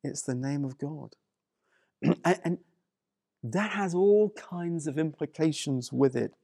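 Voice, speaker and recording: A man's voice: a little high, animated, slow, vocal fry, mellow, dry recording, clean studio sound. A man preaching a sermon to people watching at home. He speaks with emphasis and repeats key phrases. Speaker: pastor.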